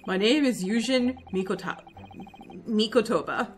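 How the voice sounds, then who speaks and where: Woman playing a calm, formal male professor. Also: medium pitch, unhurried, heavy background noise, natural voice. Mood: measured. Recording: faint game music behind.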